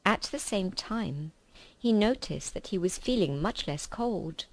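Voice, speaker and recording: A woman reading a children's novel aloud with calm, measured storytelling. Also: medium pitch, dry recording, low-quality recording. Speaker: reader.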